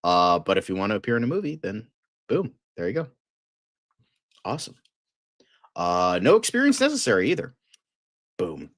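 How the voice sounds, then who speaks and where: Low-ish guy rambling on his livestream, cussing a lot, super hyped, dry sound. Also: normal speed, pauses often, no echo. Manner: excitable, swears freely, rambling with many fillers. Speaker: host of a fan news livestream. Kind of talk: casual livestream news chat.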